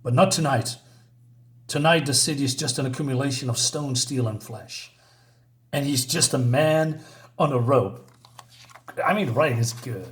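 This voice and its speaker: A man's voice: mid-range voice, normal speed, long pauses. A man casually reviewing a comic book, rambling with many fillers and chuckling often.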